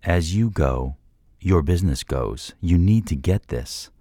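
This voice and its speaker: A man voices a steady male business mentor in an audiobook, lecturing in a measured, firm way. The voice sits very deep and low, and the recording is close and dry. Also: no room sound. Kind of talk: audiobook character voice.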